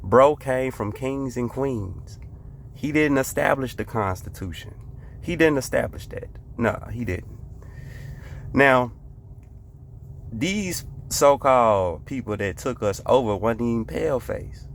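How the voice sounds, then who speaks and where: A man's voice: mid-range voice, lively intonation, takes it slowly, gravelly, a little hiss or hum. A man hosting a casual reaction video, talking emphatically and repeating rhetorical questions and catchphrases.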